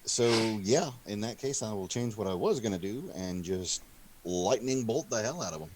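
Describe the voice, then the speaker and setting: A man with a low but very lively voice plays a tabletop game. He sounds eager as he declares his moves and double-checks the rules. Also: normal speed, over a noisy crowd, poor audio. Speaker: player.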